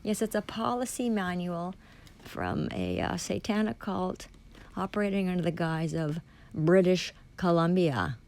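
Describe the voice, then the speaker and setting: A woman's voice: on the low side, sing-song, unhurried, darkish tone. A woman ranting angrily and sarcastically as she reads a policy document aloud and rebuts it, swearing often. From Canada. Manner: profane, sarcastic, accusatory. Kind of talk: angry ranting monologue.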